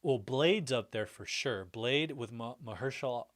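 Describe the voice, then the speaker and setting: A man hosts a casual livestream, chatting with his viewers in an easygoing, rambling way. His talk is full of restarts and loose fillers, and he stays upbeat and friendly throughout. His voice sits in an ordinary middle pitch for a man. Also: a little slow. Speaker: livestream host. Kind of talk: casual livestream chat reacting to viewer comments.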